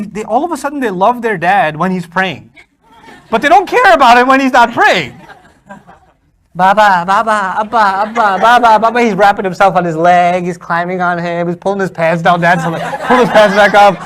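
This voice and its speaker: A man speaker telling funny stories in a lecture, animated and acting out the people he quotes. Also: high voice, rough recording. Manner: animated, acts out quoted voices. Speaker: Islamic speaker. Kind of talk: humorous lecture storytelling.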